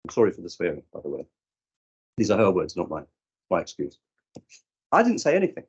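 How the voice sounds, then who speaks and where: A man from the UK leads a conference session as a youth work trainer. He tells stories with animation and acts out the dialogue, and his pitch swings widely. His husky voice comes through a dull, lo-fi recording. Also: wildly swooping pitch, a little fast. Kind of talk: conference talk with anecdotes.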